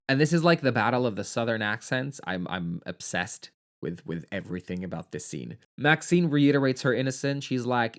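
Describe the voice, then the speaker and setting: A man's voice: mid-range voice, very animated, moderate pace. Sarcastic man doing a campy movie review. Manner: sarcastic, campy, swearing freely. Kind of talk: casual movie review commentary.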